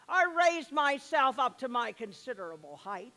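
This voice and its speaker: A woman's voice: fairly high pitch, very animated, a little slow, few pauses, sharp tone. An older woman performing a comic monologue as a singing teacher, with grand, haughty diction that slips into brash street talk.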